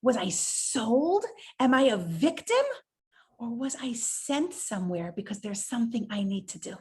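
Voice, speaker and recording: Woman, high voice, rebbetzin guest, lively storyteller acting out quotes. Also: a little slow. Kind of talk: inspirational talk in an interview.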